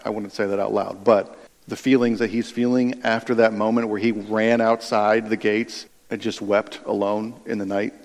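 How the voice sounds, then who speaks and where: A male pastor giving a sermon, conversational and animated, with asides to the congregation. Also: on the low side. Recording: long reverb of a large hall.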